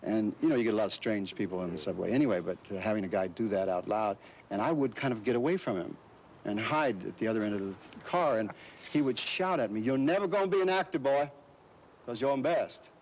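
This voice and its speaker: A man from Georgia, a guest on an interview show, telling stories in a halting way with many fillers and restarts. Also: on the low side, expressive. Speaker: guest actor. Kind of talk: casual interview storytelling. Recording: dull lo-fi recording, faint noise.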